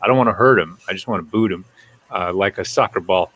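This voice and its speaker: A man hosting a casual live-stream chat, telling animated, profane stories and reading out viewer comments. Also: deep voice, quick pace.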